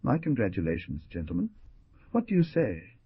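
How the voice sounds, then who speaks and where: A man's voice: lowish voice, huge pitch swings, normal speed, no room sound, lo-fi sound, exaggerated voice. A man voicing a brave, good-humoured bandit colonel with an ironic manner in an audiobook. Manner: smooth, ironic.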